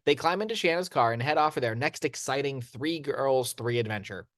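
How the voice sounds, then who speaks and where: A man narrating screenplay action lines in an amateur audio drama, steady but with occasional stumbles and restarts. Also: medium pitch, brisk, dry recording, clean studio sound.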